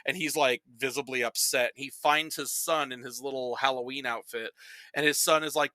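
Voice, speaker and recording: A man retelling film plots in casual podcast chat, animated and swearing freely. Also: mid-range voice, moderate pace, no echo. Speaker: podcast guest reviewing films.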